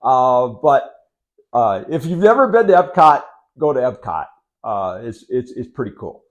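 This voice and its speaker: Slow-talking middle-aged man from Wisconsin. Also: medium pitch, very animated, dull audio. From Wisconsin, United States. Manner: unhurried, meandering, with many ums and sarcastic asides. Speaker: vlogger. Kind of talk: casual rambling monologue.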